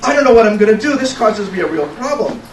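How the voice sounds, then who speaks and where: A man mimicking a flustered woman restaurant owner in a high, panicky voice during a speech. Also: fast talker, fairly bright tone, reverberant, recorded from a distance, slight background noise, rough recording. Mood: panicked. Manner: high-pitched, panicky exclamations.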